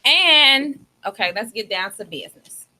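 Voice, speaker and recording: A woman's voice: on the high side, lively intonation, a little slow, sharp tone, rough recording. A woman from Chicago in her thirties, co-hosting a radio show and promoting an event in an upbeat, inviting way. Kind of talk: casual radio chat. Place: radio studio.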